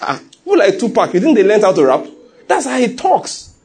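A man preaching a sermon in an animated way, full of laughing asides and acted-out quotes. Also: sits high, fairly quick, a little hiss or hum.

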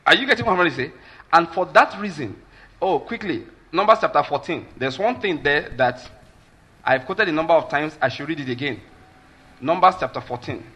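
Man, Nigerian accent, pastor, sermon, husky, slightly high voice, emphatic, keeps checking listeners follow. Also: fairly quick. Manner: animated with Nigerian Pidgin asides.

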